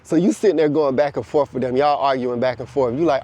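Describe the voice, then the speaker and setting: Mellow man giving casual spiritual talk. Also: medium pitch, fast talker, no room sound. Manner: animated storytelling, acting out quoted voices, casual swearing. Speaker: spiritual content creator.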